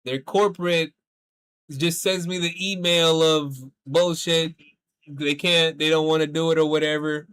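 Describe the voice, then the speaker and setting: A male game streamer from the United States chats casually over his gameplay. He rambles through a long personal story, swearing freely and filling it with slang. His voice sits a little high for a man. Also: a bit bright, clear, resonant tone. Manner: rambling, profane storytelling full of "bro" and "like". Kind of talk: casual chat while streaming.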